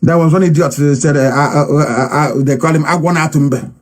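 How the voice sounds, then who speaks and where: A man with a Nigerian accent giving a fiery, defiant political broadcast speech, repeating phrases for emphasis and sometimes shouting. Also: fairly high pitch, steady tone, brisk. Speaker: political movement leader giving a live address.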